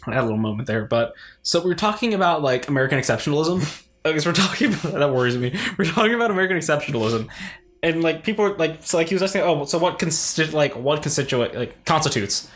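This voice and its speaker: A man's voice: a little high, big pitch swings, rapid-fire, fairly bright tone. A young man co-hosting a podcast, telling stories in a rambling, filler-heavy way with frequent laughs. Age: young adult. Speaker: podcast co-host. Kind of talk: casual chat.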